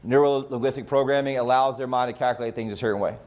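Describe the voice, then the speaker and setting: A middle-aged man runs a real estate training session, talking fast at a medium pitch with fairly even intonation. He often poses questions to the group and answers them himself, and the audio is lo-fi.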